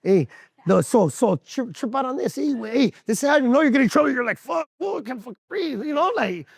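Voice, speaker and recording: Raspy, animated man, profane and streetwise, dry close sound. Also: very high-pitched, fast, dry recording. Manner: rambling, profane, streetwise slang; animated, laughs often. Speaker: interviewee. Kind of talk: candid casual talk.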